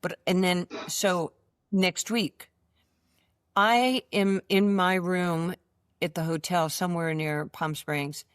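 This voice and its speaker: An older woman, a basketball coach, telling lively stories in an interview and acting out the dialogue. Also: on the low side, slow, smooth, dry recording, studio quality. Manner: lively storyteller who acts out quoted dialogue. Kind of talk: storytelling interview.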